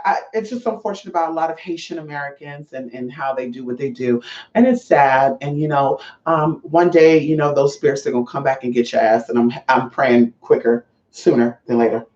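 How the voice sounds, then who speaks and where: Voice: medium pitch, brisk, a little mellow. Vlogger for a spiritual channel, sassy and foul-mouthed, chatty monologue to camera, room echo, a bit dull. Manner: sassy, profane and chatty, addressing viewers as y'all. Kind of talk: casual vlog monologue. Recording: roomy, slightly dull sound.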